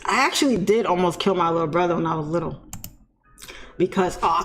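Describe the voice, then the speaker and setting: Laughing, animated woman streamer. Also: on the low side, quick pace, a little hiss or hum. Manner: animated, laughs often, mimics shrieking voices. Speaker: trading live-streamer. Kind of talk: casual storytelling to a live chat.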